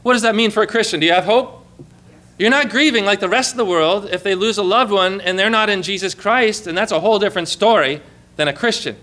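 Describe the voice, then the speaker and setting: Bright-voiced man preaching a sermon. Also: high-pitched, quick pace. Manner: conversational preaching with rhetorical questions. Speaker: pastor.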